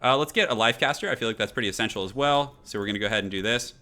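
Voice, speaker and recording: A man's voice: on the low side, rapid-fire. Chatty young man streaming a strategy game. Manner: relaxed, chatty, reads chat aloud. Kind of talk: casual live-stream gaming chat. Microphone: desk microphone.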